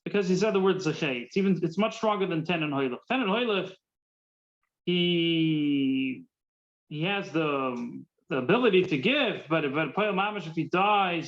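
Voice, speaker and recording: Rabbi guy teaching talmud, fairly high voice, dull lo-fi sound, repeats himself a lot. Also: expressive, moderate pace. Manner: mixes Hebrew-Yiddish terms into English, repeats words while thinking. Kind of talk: Talmud class.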